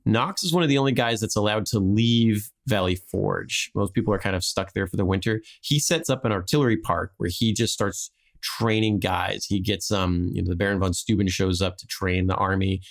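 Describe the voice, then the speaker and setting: A man's voice: on the low side, moderate pace, creaky. A man hosting a podcast, telling a history story in a rambling, casual way with frequent restarts and laughs.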